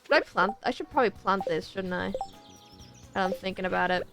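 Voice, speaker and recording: A woman's voice: mid-range voice, brisk, gravelly, music in the background. A woman chatting casually with her viewers while she plays a farming game, rambling and talking to chat as she goes. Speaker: streamer.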